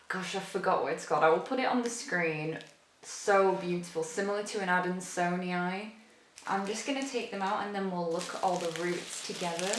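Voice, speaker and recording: A young woman chatting excitedly to her viewers as she unboxes plants in a casual vlog, gushing and chatty. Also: mid-range voice. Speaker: plant vlogger. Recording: roomy echo, noisy background.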